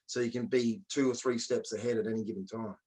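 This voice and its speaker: A man's voice: mid-range voice, steady tone, quick pace, mellow, low-quality recording. A man with an Australian accent co-hosting a podcast, talking in a blunt, matey and emphatic way. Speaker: podcast co-host. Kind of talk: casual podcast chat.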